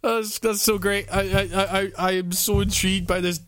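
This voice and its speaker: A man's voice: sits high, little pitch movement, moderate pace, a bit bright, dry recording, clean studio sound. A man co-hosting a podcast who stammers, laughs and swears casually in conversation. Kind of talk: casual chat.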